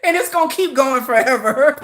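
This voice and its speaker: A woman's voice: high-pitched, lively intonation, normal speed, fairly bright tone. A woman hosting a livestream, telling stories in a playful, gossiping chat and laughing often. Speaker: livestream host. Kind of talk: casual storytelling chat.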